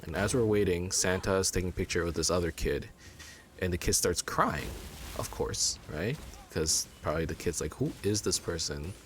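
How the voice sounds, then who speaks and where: A man's voice: deep voice, moderate pace, slight background noise. A man in his thirties from China, chatting casually and telling a rambling story with lots of fillers and restarts. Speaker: let's play gamer. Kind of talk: casual chat.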